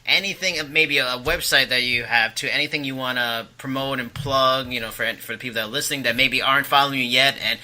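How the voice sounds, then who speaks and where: A man's voice: mid-range voice, steady tone, quick pace, few pauses, sharp tone. A man hosting an interview podcast, asking loose, rambling questions. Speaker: podcast host.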